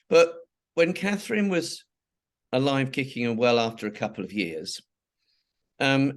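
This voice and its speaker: Rambling man telling stories. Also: medium pitch. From England. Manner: rambling, many restarts and asides. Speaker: interviewee, charity founder. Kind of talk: conversational interview storytelling.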